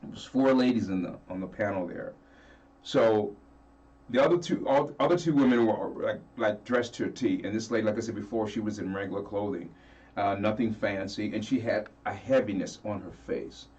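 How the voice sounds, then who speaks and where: A man, a singer as a guest, talking earnestly and warmly about his fans. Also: fairly low pitch, a little fast, far from the mic, highs cut off. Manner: earnest, heartfelt, laughs easily. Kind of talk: casual interview chat.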